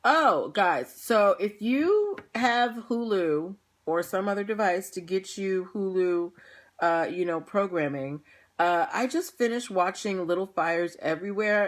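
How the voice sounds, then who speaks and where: Chatty woman hosting a livestream. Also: medium pitch. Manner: chatty, laughs often, playful asides. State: tired, yawning. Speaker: livestream host. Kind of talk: casual pre-show chat to viewers.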